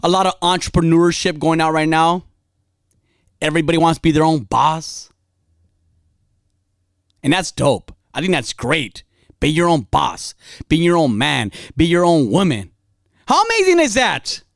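A woman's voice: low voice, sing-song, moderate pace, long pauses, no echo. A woman giving a casual motivational talk, emphatic and repetitive, dropping slang as she drives her points home.

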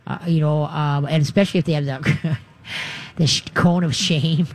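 A man hosting a radio call-in show, giving folksy, animated advice on dog training. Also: fairly high pitch, normal speed, a little hiss or hum.

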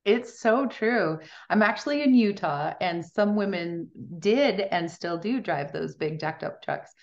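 A woman's voice: mid-range voice, lively intonation, a little slow, vocal fry, dull audio. A middle-aged woman, an author guest on a podcast, telling stories in a chatty way and often laughing. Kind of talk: casual interview storytelling.

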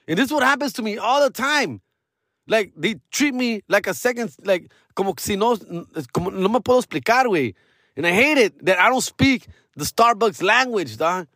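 A young man rants through a comic story, swearing freely and dropping Spanish words. His voice sits high for a man and swings widely in pitch. The sound is close and dry, with no room around it. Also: no room sound. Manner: profane, ranting, animated, slips into Spanish. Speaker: podcast host. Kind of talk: comedic storytelling rant.

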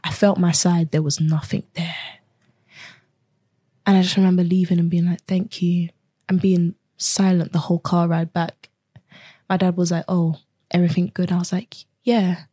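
A young woman tells her own story in earnest, acting out the voices of people she met along the way. Her voice sits a little low and has a husky edge. The recording is dry, with no room sound around her. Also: little pitch movement, moderate pace, warm tone, no echo. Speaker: guest. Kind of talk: personal testimony in a conversation.

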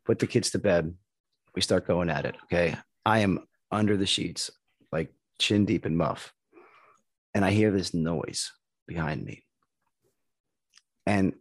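Gravelly, husky middle-aged man. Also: deep voice, unhurried, pauses often, no echo. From United States. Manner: profane, animated storytelling. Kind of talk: casual chat.

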